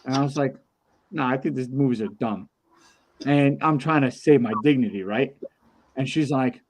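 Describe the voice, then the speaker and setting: A man's voice: mid-range voice, normal speed, pauses often, darkish tone, a little hiss or hum. A man on a podcast telling a long personal story in casual chat, acting out the voices in it and swearing freely. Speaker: podcast co-host.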